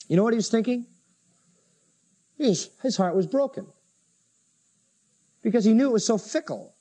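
A male preacher giving a sermon, reading scripture dramatically and acting out the voices of the people he quotes. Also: a little mellow. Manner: acts out quoted voices with big pitch swings.

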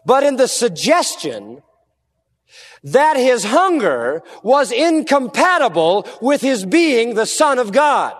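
A man preaching a sermon, earnest and emphatic, dropping low and quiet to stress a point. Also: very animated, takes it slowly, big-room sound.

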